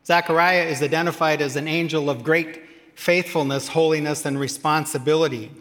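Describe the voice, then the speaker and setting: A man's voice: a little high, steady tone, fairly quick, fairly bright tone, long reverb tail. A man preaching a sermon, reading scripture aloud and adding humorous asides. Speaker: pastor.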